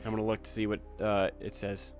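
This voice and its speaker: A man's voice: on the low side, completely flat delivery, a little fast, darkish tone, soft background music. A man playing a tabletop game, talking hesitantly. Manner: hesitant, with fillers. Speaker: player.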